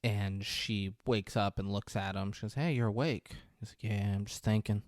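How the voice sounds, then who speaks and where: A man's voice: lowish voice, steady tone, normal speed, a little mellow, no room sound, studio quality. A man co-hosting a podcast, casually retelling a film scene and acting out the characters' lines with laughs. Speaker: podcast co-host.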